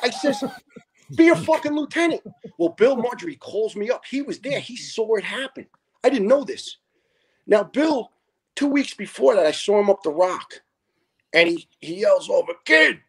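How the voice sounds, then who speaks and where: A middle-aged man, a retired fire lieutenant guesting on a podcast, telling stories in a casual, animated way, acting out dialogue and swearing freely. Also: high voice, normal speed, slightly rough. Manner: animated, profane storyteller who acts out dialogue. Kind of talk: casual storytelling.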